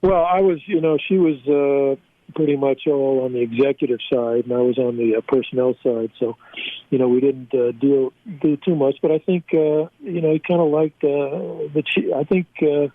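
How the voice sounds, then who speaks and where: A man's voice: medium pitch, steady tone, dry recording. Older man rambling over a phone line. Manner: halting, many fillers and restarts, laughs at own stories. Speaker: guest, former team scout. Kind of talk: storytelling in a casual interview. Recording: tinny phone line, dry.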